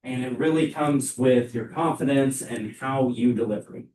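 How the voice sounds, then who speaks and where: A young man coaching a roomful of salespeople in a loud, punchy, emphatic voice. He sounds a step back from the mic, and his voice bounces around an echoey training room. A faint low rumble sits underneath. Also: moderate pace, recorded from a distance. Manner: loud, energetic, emphatic delivery. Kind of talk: live sales training talk.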